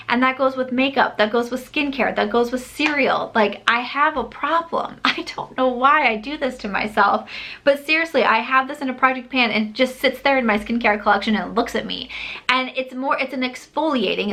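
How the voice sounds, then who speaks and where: A woman's voice: a little high, pushed and bright. A woman beauty vlogger chatting casually to camera, emphatic and scolding herself with mock exasperation. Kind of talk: casual vlog chat.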